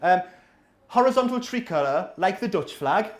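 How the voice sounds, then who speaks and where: Lively, high-voiced comedian, echoey room. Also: male voice, normal speed. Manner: rambling, self-deprecating, sweary. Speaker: stand-up comedian. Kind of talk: stand-up set. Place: small coffee shop venue, indoors.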